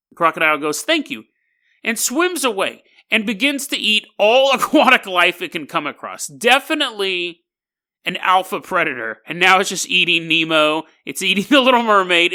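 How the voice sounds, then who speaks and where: Bright, high-voiced jokey male podcaster. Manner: rambling, jokey, laughs often. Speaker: podcast host. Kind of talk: casual storytelling podcast.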